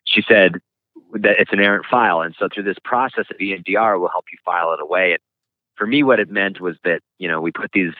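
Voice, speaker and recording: A man speaking frankly and reflectively as an author being interviewed, pausing often as he talks. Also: sits low, no echo. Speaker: author and guest. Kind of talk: candid interview conversation. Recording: tinny phone-like line, dry.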